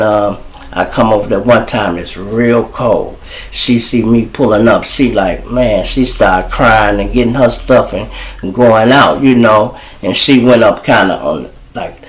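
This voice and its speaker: A man with a Chicago accent, hosting his own show and telling a street story in casual slang, calling the listeners y'all and jumping high in pitch when he quotes people. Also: low-quality recording. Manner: animated, jumps to high pitch for quoted lines. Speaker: storyteller host.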